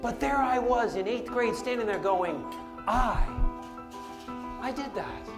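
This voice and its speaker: A man giving a storytelling speech, animated and humorous, with asides to the audience. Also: very high-pitched, slow. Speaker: motivational speaker. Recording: roomy hall with music behind.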